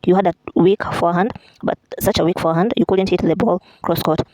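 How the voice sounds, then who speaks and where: A woman voicing a gruff, blunt older male tennis coach as she reads a memoir aloud. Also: fairly low pitch, steady tone, a little fast, background noise, lightly acted. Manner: blunt, matter-of-fact.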